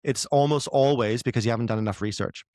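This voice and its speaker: A man's voice: mid-range voice, fast, darkish tone, dry recording. A man, a writer, talking as a guest in a casual conversation, explaining ideas loosely with lots of fillers.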